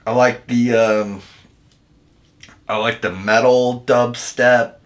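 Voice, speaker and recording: An American man, a video editor and channel host, chats loosely with his viewers in a casual livestream, rambling in a laid-back way and calling them dude and man. His mid-range voice has a flat delivery and a slow pace.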